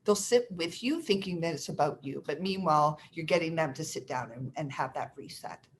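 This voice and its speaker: A woman's voice: deep voice, a little fast, slight background noise. A middle-aged woman, a nurse, giving reassuring caregiver advice in a webinar and acting out sample lines to family members. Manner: lively, acts out sample dialogues with family members. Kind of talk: educational webinar talk.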